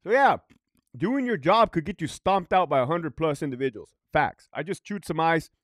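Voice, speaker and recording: A man's voice: on the high side, expressive, normal speed, fairly bright tone, dry recording, clean studio sound. A man, a former prison guard, telling stories in a casual, profane, emphatic way, often checking in with "right?". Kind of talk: casual storytelling monologue.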